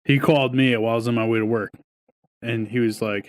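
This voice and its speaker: Here a podcast co-host talks sports casually from his home on a wifi stream, his mid-range voice steady in tone and quick in pace. He swears freely and tells stories, giving voices to the people he quotes.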